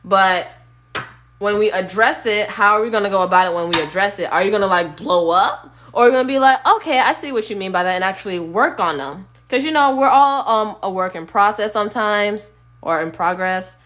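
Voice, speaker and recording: A woman's voice: medium pitch, brisk, a bit bright. A woman giving a casual, blunt tarot reading on a phone live stream, sometimes singing bits of songs. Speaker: tarot reader.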